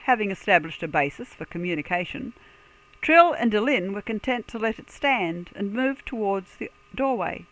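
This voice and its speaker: A narrator reading a fantasy audiobook in a measured, careful way, lifting into a lilting, sing-song pitch for invented words. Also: a bit bright, rough recording.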